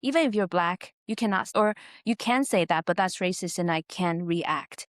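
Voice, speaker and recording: A woman comedian from the United States talks through a story on her podcast in a fairly low voice, animated and quick to swear. She acts out what people said with a raised voice. The sound is dry and close, with no room echo. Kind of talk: casual storytelling monologue.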